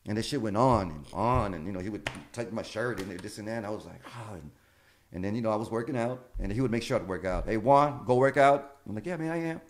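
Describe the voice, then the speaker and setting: A man's voice: lowish voice, fast talker, background noise. A man, a comedian guest, telling casual stories with lots of swearing and acted-out dialogue. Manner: animated, acts out quoted dialogue, swears freely. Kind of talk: casual storytelling.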